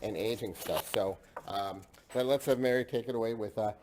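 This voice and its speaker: A man's voice: fairly low pitch, moderate pace, background noise. A man hosting a casual tasting discussion, enthusiastic and chatty, often repeating himself. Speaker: host.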